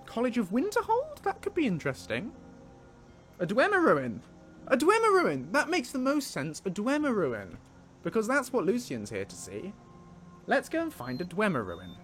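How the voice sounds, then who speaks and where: A man's voice: sits high, huge pitch swings, moderate pace, soft background music. A man casually narrating and thinking aloud while playing a game, with fillers and self-corrections.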